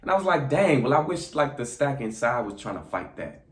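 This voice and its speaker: A young man casually recapping a movie, acting out the characters' lines in quick voices. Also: mid-range voice, very animated. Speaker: movie reviewer. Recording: echoey room.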